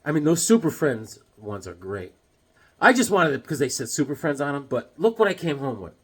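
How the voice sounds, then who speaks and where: A middle-aged man vlogging casually, excitable and joking as he talks straight to the viewer. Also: a little high, fairly quick, breathy edge. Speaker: comic collector vlogger. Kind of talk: casual show-and-tell vlog.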